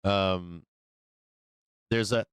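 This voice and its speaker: Very slow and fairly even in intonation, this man's clean voice comes through with no room sound. Hosting a live stock trading show, he rambles through casual, cursing advice, cracks jokes, and performs small scenes in higher-pitched voices.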